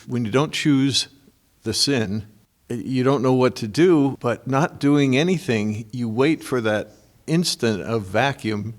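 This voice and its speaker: A man in a casual conversation, searching for his words and speaking haltingly. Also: medium pitch. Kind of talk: casual chat.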